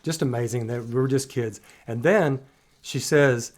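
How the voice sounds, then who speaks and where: A man's voice: medium pitch, unhurried. A man hosting a music reaction, talking in casual commentary and restarting and repeating words as he muses. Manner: musing, restarts and repeats words while analyzing.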